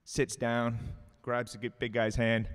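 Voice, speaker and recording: A man tells a long joke at a party, animated and acting out each character. His mid-pitched voice carries a long echo, as if he is in a large hall. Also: a little slow, clear, resonant tone. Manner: animated storytelling with acted-out voices.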